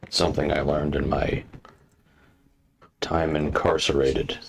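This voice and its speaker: A man's voice: a bass voice, little pitch movement, slow pace, creaky, a little hiss or hum, heavily acted. A man voicing a grim, terse young character in a tabletop game. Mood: somber.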